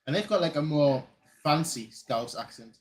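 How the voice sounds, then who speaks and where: A German-born man hosting a live football watchalong, his voice sitting a bit higher than most men's. He talks loosely and rambles, circling back over his own phrases and leaning on filler words. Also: animated, normal speed, slight background noise, low-quality recording. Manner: rambling, repeats phrases, frequent "like". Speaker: fan channel host. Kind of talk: casual live watchalong chat. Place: lives in Manchester.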